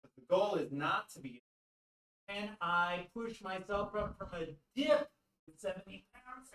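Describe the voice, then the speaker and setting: A man's voice: sits high, measured pace, fairly bright tone. A man hosting a casual joking vlog, full of puns and crude asides, while he does weighted exercises. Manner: jokey, punning, crude asides. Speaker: YouTube host. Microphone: camera mic from a distance. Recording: roomy echo, far from the mic, faint noise.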